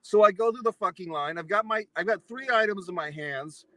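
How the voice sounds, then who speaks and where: A man's voice: high-pitched, brisk, bright, forceful tone, rough recording. A man from New England ranting at length, angry and profane, in a vlog monologue. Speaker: vlogger. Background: eating pizza.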